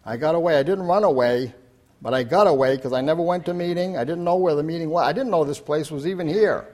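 An older man preaching an earnest sermon. His voice is fairly high for a man, and he repeats phrases, then climbs to loud, emphatic declarations. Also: fast.

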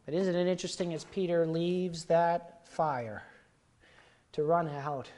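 A preacher in full flow, addressing the congregation with dramatic swings in volume. Loud, urgent pleas give way to hushed, intimate asides. The voice sits at an ordinary middle pitch. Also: measured pace. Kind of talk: sermon.

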